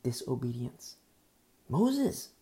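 A man's voice: medium pitch, sing-song, slow pace, warm tone. A man preaching a sermon, teaching through a Bible passage and repeating key phrases for emphasis. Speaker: pastor.

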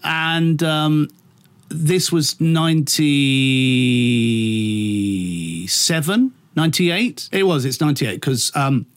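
A man's voice: fairly high pitch, extremely slow, pauses often. A middle-aged man with a Liverpool accent, a radio presenter being interviewed, camp and flamboyant, swearing freely as he tells stories. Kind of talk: anecdotal interview chat.

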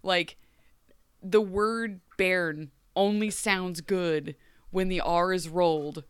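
Raspy Midwestern woman, smooth dry sound. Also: lowish voice, takes it slowly, dry recording. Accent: Midwestern American. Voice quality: raspy right now. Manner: animated, sarcastic, acts out quotes. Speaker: podcast co-host. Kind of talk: casual chat recapping a TV episode.

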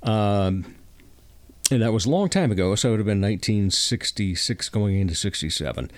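Man in his 60s, low voice, lively. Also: no room sound. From Iowa. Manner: unhurried, rambling storyteller. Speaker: host. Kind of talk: casual interview chat.

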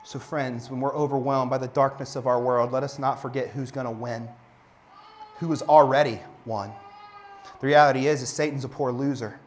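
A man preaching a sermon, building to emphatic, passionate peaks and then dropping to soft, quiet phrases. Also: mid-range voice, fairly even intonation, normal speed, a little hiss or hum.

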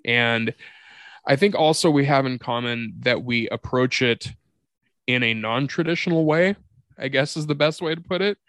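A man's voice: mid-range voice, normal speed, a bit bright, dry recording. Profane, confessional man on a podcast. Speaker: podcast co-host. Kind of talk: candid comedic podcast conversation.

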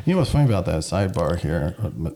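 A man's voice: low voice, very animated, very fast, background noise. A man co-hosting a podcast in casual chat, telling rambling stories that wander off on side tracks. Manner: rambling, digressive storyteller. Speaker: podcast co-host.

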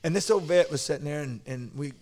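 A man with a slightly raised pitch, rambling and restarting mid-sentence as he tells a story. He sounds casual and conversational, and the recording has a long room reverb. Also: fast, darkish tone.

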